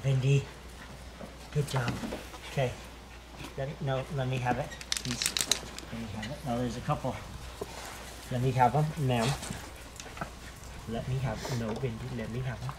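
A man talks outdoors on a farm at an ordinary pitch, firing off short commands and praise to his working dogs. He is a little bossy and very encouraging. Clear outdoor noise sits behind him the whole time. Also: fairly even intonation. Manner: bossy, gives quick directions. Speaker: host, pest control dog handler. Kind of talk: casual outdoor commentary.

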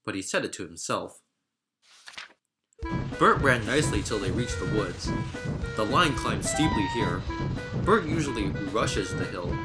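A man with a low voice narrates a storybook, his pitch moving in lively swoops through the sentences. His reading is expressive and animated. Loud music plays behind him. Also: measured pace, pauses often.

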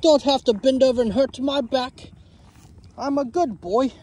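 A man voicing a big, proud male bull who is haughty and touchy, speaking in a slow, formal, boastful drawl. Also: very high voice, darkish tone. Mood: smug.

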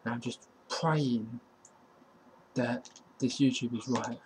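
A young man, casually commentating his own football video game match, excitable and slangy, talking to the game and his opponent. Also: mid-range voice, slow pace, pauses often, slight background noise, poor audio. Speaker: gaming YouTuber.

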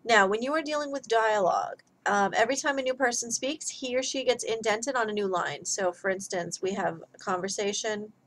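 A woman's voice: on the high side, brisk, hardly any pauses, a bit bright, rough recording. A woman giving a recorded grammar lesson as a writing instructor, talking casually through examples. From United States.

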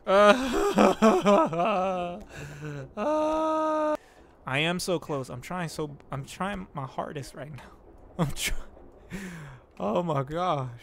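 A man's voice: on the high side, unhurried, gravelly, a little hiss or hum. A young man giving casual commentary while streaming a climbing game, laughing and yelping as he plays. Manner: excitable, laughs and yelps at the game.

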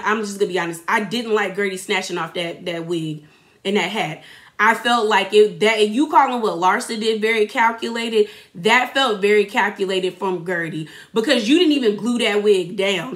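A woman's voice: medium pitch, moderate pace, fairly bright tone. A young adult woman giving a chatty, opinionated recap of a reality show in casual slangy talk, acting out what people said.

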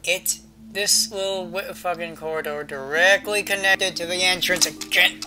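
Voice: mid-range voice, fairly even intonation, moderate pace. A gamer giving let's-play commentary, talking to themself in a profane, sarcastic way. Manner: profane, sarcastic self-talk. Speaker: gamer playing a video game. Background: game music.

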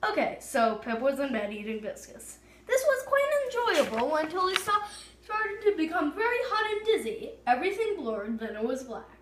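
A woman reading a story aloud, stumbling now and then over words and filling pauses. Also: high voice, sing-song. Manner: unpolished reading with stumbles and fillers. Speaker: reader. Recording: echoey room.

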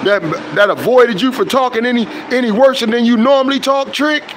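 A man rants with a high-pitched voice, swearing in nearly every line. His delivery is confrontational and addressed straight to viewers, and he often stalls on fillers before pushing on. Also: a little fast, slight background noise, rough recording. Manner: confrontational, profane, trails into fillers. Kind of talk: heated direct-to-camera rant.

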